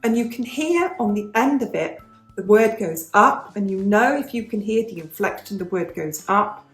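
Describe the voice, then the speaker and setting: With lively intonation and a medium pitch, this British woman in her fifties talks at a moderate pace in a roomy-sounding vlog with faint music. A onetime English teacher, she handles casual questions and answers patiently, repeating the important points.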